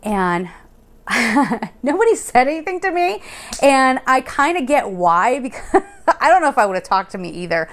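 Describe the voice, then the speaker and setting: A young adult woman vlogging, telling a rambling personal story in a chatty, animated way and laughing now and then. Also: high-pitched, moderate pace. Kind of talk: casual storytelling. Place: Colorado Springs.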